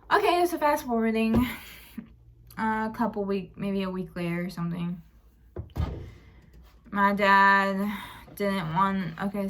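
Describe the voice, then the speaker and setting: A woman's voice: mid-range voice, fairly bright tone, a little hiss or hum. A young woman telling a personal story in a rambling, stressed way, often swearing and apologizing. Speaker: vlogger.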